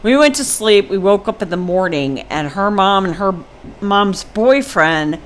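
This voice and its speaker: Older woman vlogger, slow and rambling anecdote delivery, mid-range pitch. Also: lively intonation, slight background noise. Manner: meandering, with many ums and asides. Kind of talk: casual storytelling.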